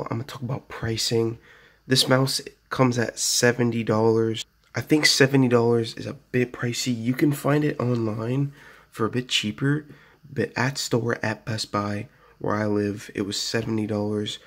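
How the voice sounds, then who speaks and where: A man giving a casual, rambling product review at his home desk, full of fillers and "so yeah", recorded on a phone camera. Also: mid-range voice. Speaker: gaming gear reviewer.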